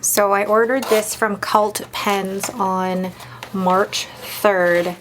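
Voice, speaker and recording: A young adult woman chatting casually and excitedly as she unboxes a new fountain pen, gushing and restarting her sentences. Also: medium pitch, drawn-out words, a little hiss or hum.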